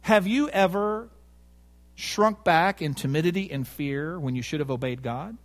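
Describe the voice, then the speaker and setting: A man's voice: fairly high pitch, a little slow. A man preaching a sermon, emphatic, repeating key words and asking the congregation rhetorical questions.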